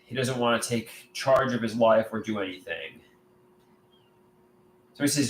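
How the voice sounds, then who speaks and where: A man's voice: mid-range voice, a little slow, long pauses, a little hiss or hum. A man on a live stream, reading viewer comments aloud and answering them in a rambling, repetitive way. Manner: reads chat comments aloud and answers them, repeating himself. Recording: echoey room.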